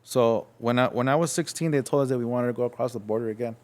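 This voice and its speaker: Young man telling his life story. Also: medium pitch. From Los Angeles. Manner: frank, halting, acts out voices in his story. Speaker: guest. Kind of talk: casual storytelling.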